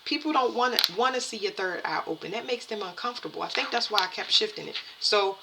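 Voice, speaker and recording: A woman giving a spiritual card reading to her viewers, halting and repeating herself as she talks. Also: mid-range voice, lively intonation, vocal fry, noisy background. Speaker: tarot and energy reader.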